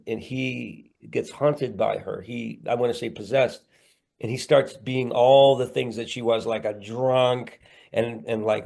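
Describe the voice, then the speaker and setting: A man's voice: mid-range voice, creaky, a little mellow. A middle-aged man, a comedian and actor guesting on a podcast, talking in a rambling, earnest way with playful asides over a video call. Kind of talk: candid podcast interview.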